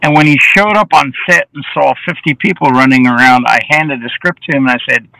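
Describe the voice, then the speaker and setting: A man, a film director, talks through behind-the-scenes stories in a casual interview. His voice is raspy with a bright, forceful edge, and it sounds close and dry with no room around it. He tells his anecdotes with energy and slips into the voices of the people he quotes. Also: medium pitch, fairly quick, dry recording, rough recording. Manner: lively anecdotes, often acting out quoted dialogue.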